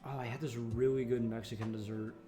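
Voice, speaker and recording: A man's voice: medium pitch, little pitch movement, a little fast, over music. A young man co-hosting a podcast, chatting casually, swearing and laughing often. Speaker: podcast co-host. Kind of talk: casual comedic chat.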